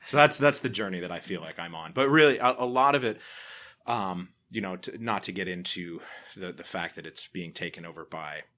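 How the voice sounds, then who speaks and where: A man's voice: sits low, a little fast. An American man in his forties, a podcaster and author, chatting casually in an interview and acting out remembered exchanges with animation. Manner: animated storyteller, acts out quoted exchanges.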